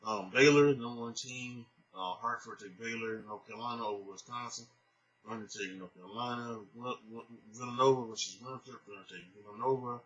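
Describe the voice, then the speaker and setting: A man's voice: medium pitch, a little fast, a bit bright, highs cut off. A tired man hosting a casual solo sports podcast, rambling through his picks with many fillers and restarts. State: tired, sleepy. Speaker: podcast host.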